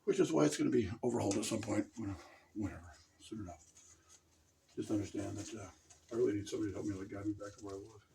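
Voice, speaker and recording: A man's voice: fairly low pitch, fast, gravelly, mellow, slight background noise. A man rambling comically while gaming, giggling a lot and swearing freely.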